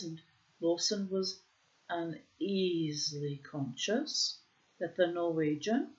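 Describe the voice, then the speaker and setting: A woman reading a short story aloud in a measured storytelling manner. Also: lowish voice, lo-fi sound. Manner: measured, unhurried storytelling with quoted dialogue. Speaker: reader. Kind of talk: audiobook narration of a short story.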